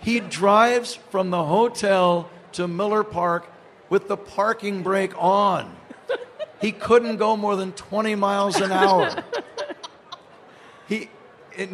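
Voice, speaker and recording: A man's voice: sits high, fairly bright tone, a little hiss or hum. An older man, a guest, telling funny anecdotes and laughing through them. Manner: amused, laughing through his tale. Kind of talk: storytelling anecdotes.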